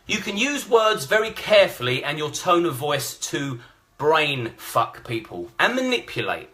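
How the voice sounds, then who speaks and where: A man's voice: fairly high pitch, big pitch swings, normal speed, bright, forceful tone. A blunt, combative man, ranting and swearing through live-stream commentary. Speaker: vlogger.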